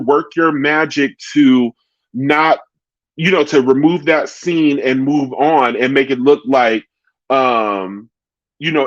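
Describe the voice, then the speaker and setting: A man hosting a casual chat show, talking in an animated way and answering viewers' comments directly. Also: mid-range voice, no room sound, dull audio. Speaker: talk show host.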